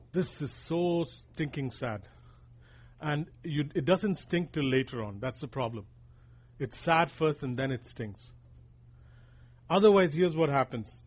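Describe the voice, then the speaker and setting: A man preaching a sermon, pressing his points hard and repeating key lines for emphasis while calling his listeners "guys.". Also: fairly high pitch. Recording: dull lo-fi recording.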